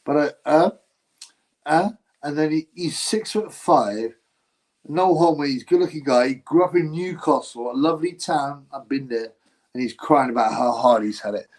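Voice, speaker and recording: A man's voice: fairly high pitch, normal speed, darkish tone, low-quality recording. Blunt opinionated man livestreaming boxing. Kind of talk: casual livestream commentary reading chat.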